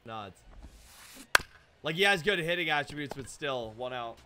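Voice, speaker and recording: A young man giving live gameplay commentary, excitable and self-deprecating, breaking into shouts when plays go wrong. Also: a little high, unhurried, heavy background noise. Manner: self-deprecating, hard on himself. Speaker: gaming YouTuber.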